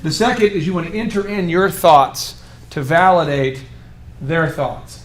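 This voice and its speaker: A man coaching a room of business owners, animated and joking, often acting out the voices of people he describes. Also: a little high, a little slow. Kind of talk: coaching workshop talk.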